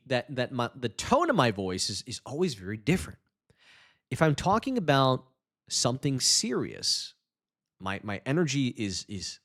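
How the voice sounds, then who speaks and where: A man giving a podcast lesson on public speaking, his voice swinging widely up and down as he stresses points. He talks fast by nature and often restarts his words mid-sentence. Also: fairly high pitch, a bit bright. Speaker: English teacher.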